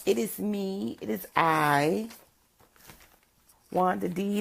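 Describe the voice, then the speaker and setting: An older woman giving a casual livestream chat as a motivational speaker, with a rough morning voice. She is chatty, greets viewers by name and laughs often. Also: mid-range voice, slow pace, long pauses.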